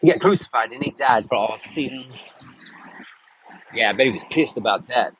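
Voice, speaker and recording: A man's voice: medium pitch, moderate pace, fairly bright tone, slight background noise, poor audio. A man chatting casually on a live stream, rambling and joking with lots of cursing. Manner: crude, rambling, jokey with frequent cursing.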